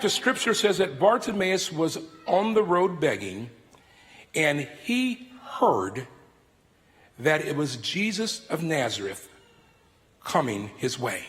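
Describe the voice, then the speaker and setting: A man in his fifties preaches as a guest speaker, his high voice swooping widely as he acts out his stories. His delivery is animated and theatrical. The sound carries the long reverb of a large hall. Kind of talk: sermon with storytelling. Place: large university worship hall.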